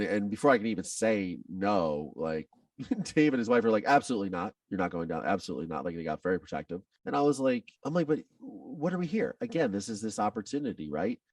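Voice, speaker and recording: A man in his thirties as a podcast guest, telling a personal story earnestly, his voice dropping low when he is moved. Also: creaky, a little mellow, dry recording, distant mic.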